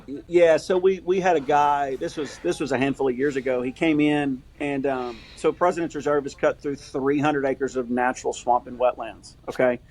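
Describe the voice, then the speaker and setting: A man who works in a golf shop, casually telling animated stories on a podcast. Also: mid-range voice, moderate pace, low-quality recording. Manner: animated, acts out customers. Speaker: golf shop staff guest. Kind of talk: casual storytelling.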